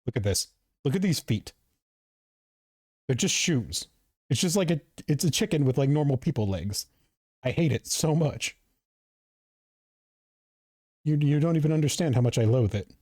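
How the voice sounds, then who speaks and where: A man's voice: medium pitch, dark tone, dry recording, clean studio sound. A man streaming a game, reacting playfully and with plenty of expression. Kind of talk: casual gameplay commentary.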